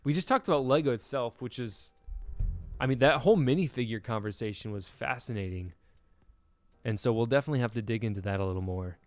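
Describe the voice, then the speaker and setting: A man's voice: medium pitch, quick pace, darkish tone, no echo, faint music behind. A man hosting a casual livestream podcast in a laid-back way, reading out viewer comments and steering the agenda. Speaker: podcast host.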